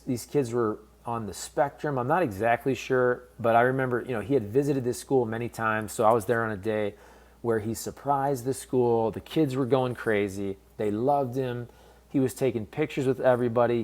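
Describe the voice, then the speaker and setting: Man, sports commentary, conversational, candid, average pitch. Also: a little mellow. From based in St. Louis. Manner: conversational, candid, fan-focused. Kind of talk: casual commentary vlog.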